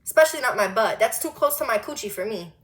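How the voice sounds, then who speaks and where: A woman of twenty telling a storytime monologue, animated and blunt, swearing freely and firing off rhetorical questions. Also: on the high side, quick pace. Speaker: vlogger.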